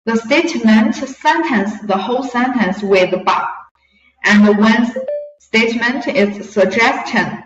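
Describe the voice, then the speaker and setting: A slow, patient woman teaching Chinese explains a language lesson in a medium-pitched voice, moving between English and Mandarin, her native language. The room recording is echoey, distant, dull, and lo-fi.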